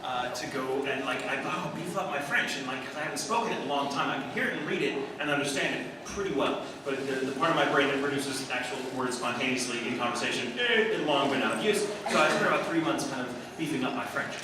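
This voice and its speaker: A man's voice: medium pitch, fast, few pauses. A man guesting on a convention panel, telling self-mocking stories to an audience with frequent laughter. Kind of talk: animated storytelling to an audience. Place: large convention hall. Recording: echoey hall, distant mic, loud crowd. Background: audience laughter and noise.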